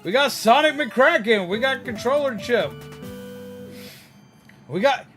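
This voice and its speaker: Excitable high-voiced man streaming. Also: takes it slowly. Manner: excitable, exclaiming, thanking donors. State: frazzled. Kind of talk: live gaming stream chat. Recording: game music behind.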